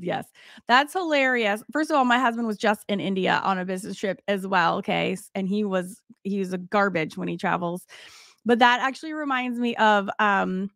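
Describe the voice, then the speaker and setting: A woman's voice: mid-range voice, gravelly, no echo. A woman in her forties, an art teacher hosting a livestream, chatting casually with many fillers and laughs.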